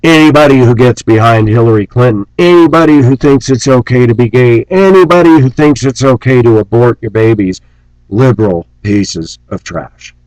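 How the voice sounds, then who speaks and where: A man's voice: normal speed, a little mellow, no room sound, rough recording. A man delivering an angry, preachy rant on his vlog, scornful and sarcastic. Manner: mocks opponents in shrill put-on voices. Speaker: vlogger.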